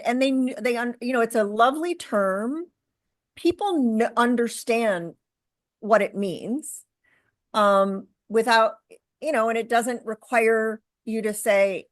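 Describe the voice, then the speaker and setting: A middle-aged woman speaking as a guest in an interview, earnest and halting, with frequent fillers and restarts. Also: mid-range voice, dry recording. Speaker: guest, author and caregiver. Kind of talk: conversational interview.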